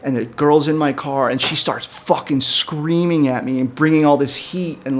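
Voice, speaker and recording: A man telling a story on a podcast, his voice a little high for a man. He talks in a loose, profane, rambling way, full of fillers and restarts. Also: moderate pace, few pauses. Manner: animated, jumps up in pitch when quoting people. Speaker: podcast co-host. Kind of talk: casual storytelling chat.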